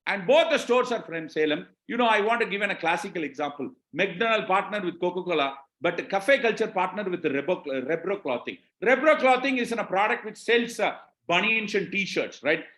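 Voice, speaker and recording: Indian-accented man coaching, high voice. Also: expressive, fairly quick, a bit bright, reverberant. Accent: Indian English. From Tamil Nadu, India. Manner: repetitive, checks in with the audience. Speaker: business trainer. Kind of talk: live webinar talk.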